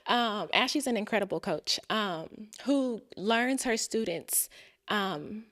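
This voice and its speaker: A woman guest on a podcast telling a personal, emotional story in conversation, earnest and animated when she quotes others. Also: mid-range voice, slow. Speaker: podcast guest, business owner.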